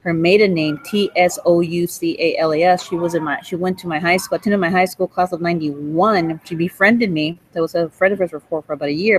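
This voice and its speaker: A woman in her forties talks on and on in a rambling, accusatory monologue, with a lowish pitch. She swears freely and breaks into laughter mid-sentence. It sounds like a casual recording made in a hospital cafe. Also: a little hiss or hum, poor audio. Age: 40s. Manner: rants with bursts of laughter and profanity.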